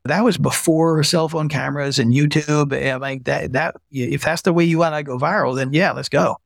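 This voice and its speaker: Gravelly-voiced man telling stories. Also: on the high side, normal speed, dry recording, studio quality. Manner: animated storyteller, acts out quoted voices. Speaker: guest, retired army physician. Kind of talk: conversational storytelling interview.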